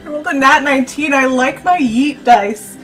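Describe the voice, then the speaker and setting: A woman running a streamed tabletop game as game master, chatty, jokey and quick to poke fun at herself. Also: sits high. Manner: chatty, jokey and self-mocking. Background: faint dramatic music.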